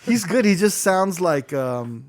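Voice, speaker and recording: A man's voice: sits high, big pitch swings, a little slow. Joking, cursing male DJ co-host. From United States. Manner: joking, swearing, acts out voices. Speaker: podcast co-host, DJ. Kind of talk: casual chat.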